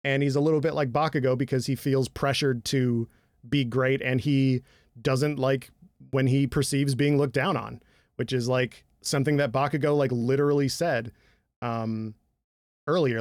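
A young man co-hosting a casual anime podcast, animated and laughing, often slipping into loud impressions of characters. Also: medium pitch, normal speed, dry recording, studio quality. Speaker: podcast co-host.

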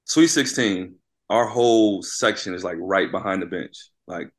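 A man with a very low voice tells an animated basketball story in a casual interview. He is a former college player who now coaches high school, and he keeps checking in with his listener. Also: unhurried.

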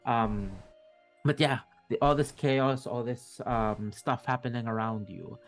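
A man narrates a tabletop fantasy scene as game master in a mid-pitched voice. His delivery rambles, with frequent fillers and restarts. Faint music plays underneath. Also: steady tone, measured pace.

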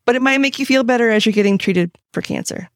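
A woman's voice: fairly high pitch, quick pace, no room sound, clean studio sound. A woman guesting on a podcast, giving frank opinions in casual talk full of fillers like "like" and "you know". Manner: frank, filler-heavy, speaks in bursts.

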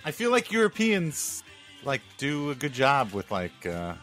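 Playful male co-host whose pitch jumps all over the place, with soft music under him. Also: wildly swooping pitch, measured pace. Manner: playful teasing, laughs often. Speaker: podcast co-host. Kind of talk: casual sports podcast chat.

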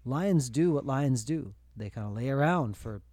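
A man riffs on his podcast in a loose, rambling way, piling up fillers as he thinks. His voice is warm and mellow, and the recording is dry and close. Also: mid-range voice, animated, moderate pace, dry recording. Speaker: podcast co-host. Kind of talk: casual podcast chat.

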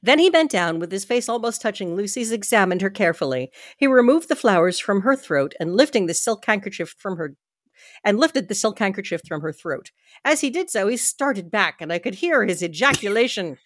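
A woman reads a novel aloud at home in a steady narrating voice, with small stumbles along the way. The sound is dry and close. Her pitch sits in a middle range. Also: fairly quick, dry recording. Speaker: host reading a novel aloud. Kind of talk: reading aloud with chat.

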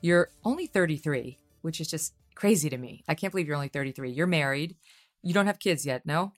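Low-voiced woman asking quick questions. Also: animated, soft background music. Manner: quick, teasing questions with laughter. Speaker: podcast host. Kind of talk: interview conversation.

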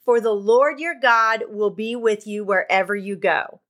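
A woman's voice: medium pitch, a little slow, fairly bright tone. A middle-aged woman hosting a podcast, giving an enthusiastic, faith-filled pep talk to her listeners. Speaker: podcast host. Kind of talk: excited podcast monologue.

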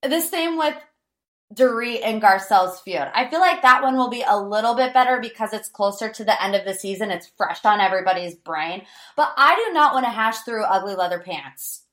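A woman hosting a podcast in a casual gossip chat, animated, dramatic and sarcastic. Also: medium pitch, brisk. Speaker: podcast host.

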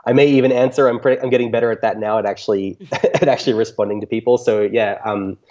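A man's voice: mid-range voice, steady tone, fast, a little mellow, highs cut off. A man being interviewed on a podcast, answering reflectively with many ums and restarts. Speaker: music podcaster, guest.

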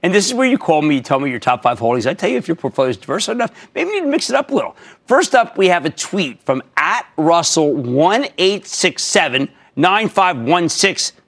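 An older man hosting a finance call-in show, excitable and emphatic in rapid-fire bursts. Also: fairly high pitch. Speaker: TV stock market show host.

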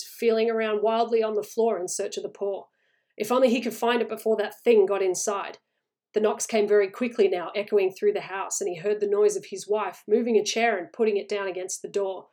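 A woman reading a horror short story aloud in a measured, suspenseful way. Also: mid-range voice, steady tone, darkish tone.

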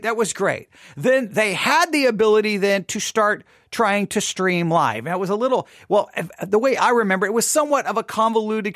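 A man's voice: high voice, fairly bright tone, no room sound. A man hosting a live podcast from his studio, telling a self-deprecating story in a chatty way, often asking "right?". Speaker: podcast host. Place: home studio.

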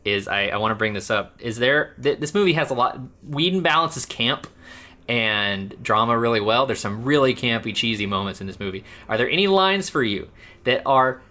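A man co-hosting a podcast, talking casually and animatedly, with rambling restarts and quick laughs. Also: mid-range voice, expressive, pushed and bright. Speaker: podcast co-host. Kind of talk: casual movie discussion.

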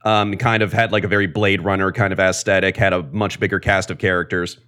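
A man with a fairly low voice talks casually on a podcast. He rambles through his explanations with enthusiasm and plenty of asides. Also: little pitch movement, quick pace, a bit bright, smooth. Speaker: podcast guest, comics expert.

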